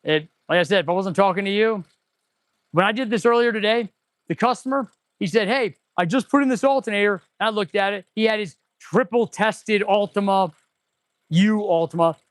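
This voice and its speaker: High-pitched shop guy rambling on a livestream, gets all excited testing stuff, dry close mic. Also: normal speed, no echo. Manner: excitable, rambling, talks to viewers while testing parts. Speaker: auto mechanic and shop owner hosting a livestream. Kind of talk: casual livestream chat while working. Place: auto repair shop, indoors. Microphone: clip-on mic.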